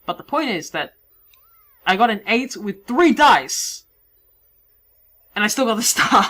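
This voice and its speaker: Casual woman let's-player, animated and self-mocking, loud one moment and mumbling the next. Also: a little high, a little slow, long pauses. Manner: chatty, swearing, self-mocking, swings between yelling and mumbling. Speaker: let's play commentator. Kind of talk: casual game commentary. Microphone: desk mic, moves around it while playing.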